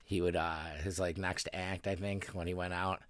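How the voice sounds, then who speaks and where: A man's voice: sits low, little pitch movement, normal speed, a bit bright, no room sound. A man co-hosting a podcast in casual chat, mostly chiming in with short agreement. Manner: short agreeing replies, laughs along. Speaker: podcast co-host.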